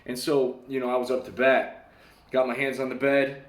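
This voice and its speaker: A young man in a casual storytelling monologue, animated, swearing casually and acting out the voices of people in his story. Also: medium pitch, moderate pace. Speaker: self-help talker. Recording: echoey room.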